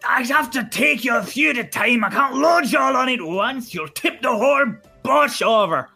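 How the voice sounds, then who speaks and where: A man voicing a gruff, raggedy, one-eyed male sailor, shouting orders over a crowd at a high pitch. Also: lively intonation, normal speed, faint music behind, exaggerated voice. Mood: bellowing.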